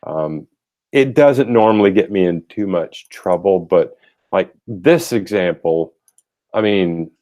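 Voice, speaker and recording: Man, low-pitched voice, webinar host, casual, joking, lots of fillers. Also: animated, slow, mellow. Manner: chatty, joking, many fillers and restarts.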